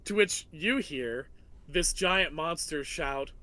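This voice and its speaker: A man's voice: a little high, slow, bright, forceful tone. A man narrating and running a tabletop game as game master, playful and descriptive.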